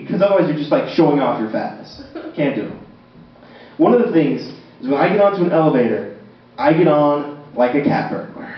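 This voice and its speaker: A man's voice: fairly high pitch, slight background noise. A young man performing a stand-up comedy set on a university stage, self-deprecating and conversational, with frequent ums. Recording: roomy, distant, dull, audience laughter. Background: audience laughter.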